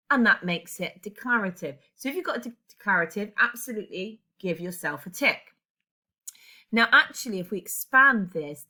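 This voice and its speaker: In a recorded classroom lesson, a female English teacher explains grammar step by step, using fillers and correcting herself as she goes. Her mid-range voice sounds pushed and bright.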